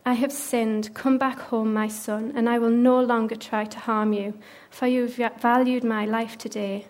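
A woman's voice: a little high, level tone, moderate pace, a little mellow, lightly acted. A woman voicing a remorseful older king in a retold Bible story, speaking humbly.

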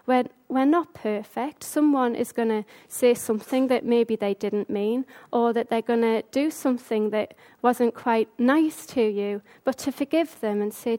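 A woman giving an informal sermon in a brisk, conversational way, with fillers and restarts. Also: on the high side, dark tone. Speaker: speaker giving a talk.

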